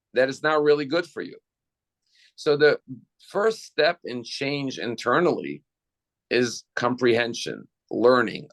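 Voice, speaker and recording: Male rabbi, mid pitch with a gravelly edge, teaching style, talks straight to the congregation. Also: a bit bright. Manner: explanatory, addresses listeners directly with rhetorical questions. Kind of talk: sermon.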